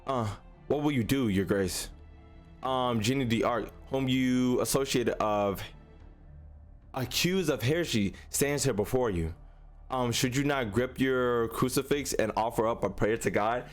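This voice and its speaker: A man's voice: medium pitch, a little slow, soft background music, close to an everyday voice. A man reading as a mocking vengeful witch-saint. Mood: taunting.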